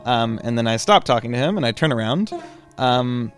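A man's voice: medium pitch, animated, normal speed, faint music behind. A man telling a personal travel story in a casual, chatty way, with lots of ums and you-knows. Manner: casual and chatty, with many fillers.

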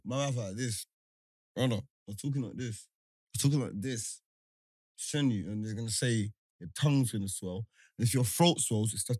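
A young man, telling a story in casual chat, animated and laughing often. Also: medium pitch, dry recording.

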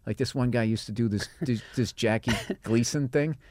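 A man telling work stories in a casual podcast chat, swearing freely and loudly acting out the people he quotes. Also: mid-range voice, normal speed, no room sound, studio quality. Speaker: comedian guest.

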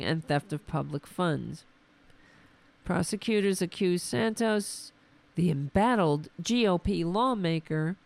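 A woman's voice: lowish voice, vocal fry. A woman hosting a political commentary stream, losing her voice, talking back to clips in a mocking, exasperated way. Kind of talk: sarcastic livestream commentary.

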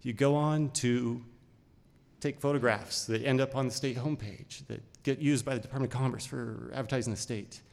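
Middle-aged guy from idaho telling a story on stage, easygoing, lots of pauses, big hall echo. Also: medium pitch, fairly even intonation, vocal fry, a little mellow. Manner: conversational, unhurried, with short phrases and pauses. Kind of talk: live personal storytelling. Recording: long reverb of a large hall.

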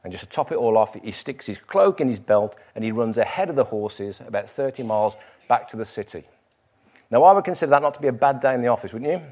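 A man's voice: medium pitch, lively intonation, quick pace, darkish tone. A middle-aged man preaching a sermon, telling a Bible story and asking the congregation rhetorical questions.

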